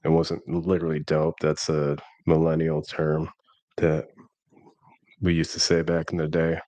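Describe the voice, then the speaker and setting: A man's voice: very deep voice, monotone, measured pace, dark tone, no echo. A man in his thirties telling a rambling, self-deprecating personal story in a casual vlog. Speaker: vlogger.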